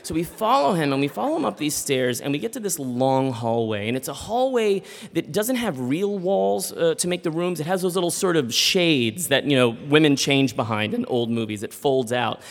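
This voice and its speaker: A man telling a comic personal story live on stage, animated and acting out voices. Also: on the high side, normal speed, vocal fry, hardly any pauses, big-room sound. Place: theater stage.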